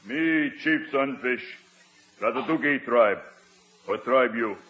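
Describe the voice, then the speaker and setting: An actor playing a solemn older tribal chief who speaks in halting, clipped phrases, in a 1950s radio sitcom. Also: male voice, mid-range voice, sharp tone. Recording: dull 1950s radio recording.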